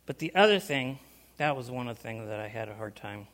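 A man telling a personal story to a small group, animated, with loudness swinging up and down and sounds acted out. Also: medium pitch, a little fast. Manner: animated, loudness rising and falling, acts out sounds. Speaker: speaker recounting life overseas.

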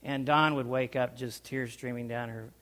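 A man telling a personal story to a small group, animated, with loudness swinging up and down and sounds acted out. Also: mid-range voice, normal speed. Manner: animated, loudness rising and falling, acts out sounds. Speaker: speaker recounting life overseas.

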